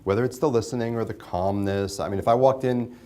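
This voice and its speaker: A man's voice: mid-range voice, fast talker, dark tone. A man teaching a mediation class, who asks the room questions and repeats their answers back. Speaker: mediation instructor. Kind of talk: interactive classroom lecture.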